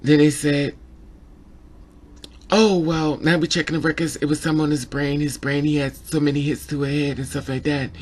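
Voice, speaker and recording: A man's voice: on the high side, little pitch movement, normal speed. A man giving an emotional opinion vlog about a documentary, repeating himself and stammering when upset. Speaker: vlogger reviewing a documentary.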